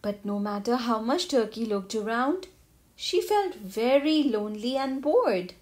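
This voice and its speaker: A woman narrating a children's picture book aloud, in a clear, even storytelling manner. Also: on the high side, unhurried.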